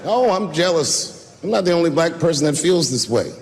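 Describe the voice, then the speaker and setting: A man's voice: a little high, moderate pace, in a large hall, a little hiss or hum. A man performing a stand-up comedy routine on stage, telling stories and acting out other voices. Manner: animated storytelling, acts out other voices. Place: stage before a live audience.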